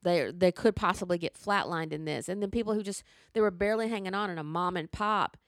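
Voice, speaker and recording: A woman's voice: on the low side, a little fast, dry recording, clean studio sound. A middle-aged woman ranting in casual chat, profane and emphatic.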